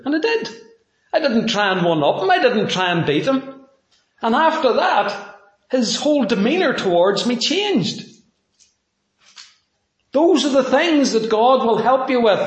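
A man's voice: very high voice, very animated, measured pace, long pauses, roomy sound, poor audio. A man preaching a sermon in a conversational way, telling personal anecdotes.

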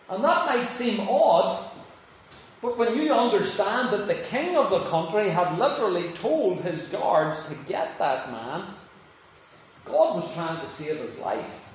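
A man preaching a sermon, dramatic, acting out the voices he quotes and dropping from loud to hushed. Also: sits high, big pitch swings, measured pace. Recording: very echoey, from far off the mic, faint noise.

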